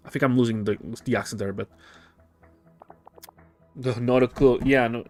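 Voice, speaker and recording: A man's voice: mid-range voice, steady tone, normal speed, pauses often, darkish tone, faint music behind. A man streaming a video game, making wry, profane asides between the lines he reads aloud. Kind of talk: casual commentary while reading game dialogue.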